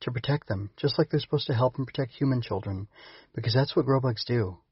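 A man voicing a gentle, cautious young bug boy. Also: medium pitch, breathy edge, no echo, lo-fi sound. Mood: earnest. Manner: soft-spoken, measured. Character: young male growbug, gentle, hesitant, cautious.

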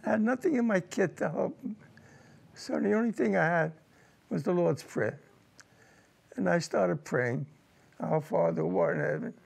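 Gravelly older veteran recalling war. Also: male voice, sits high, big pitch swings, a little mellow. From United States. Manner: emotional, halting recollection with repeated words. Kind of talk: personal war testimony.

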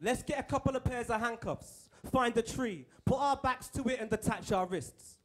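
A man's voice: very high voice, normal speed, fairly bright tone. A man performing poetry live, joking and swearing with the crowd before a lyrical recital. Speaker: performance poet. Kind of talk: live poetry reading with stage banter. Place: live venue on stage.

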